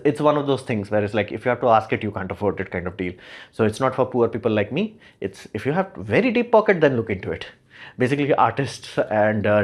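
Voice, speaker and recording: A man hosting a tech show, talking casually about gadgets with a chatty, wry manner and lots of fillers. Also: mid-range voice.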